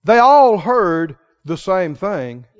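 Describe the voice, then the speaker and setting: A man preaching a sermon dramatically, asking the congregation questions and swinging between loud exclaims and hushed lines. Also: high-pitched, expressive, normal speed. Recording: dull lo-fi sound.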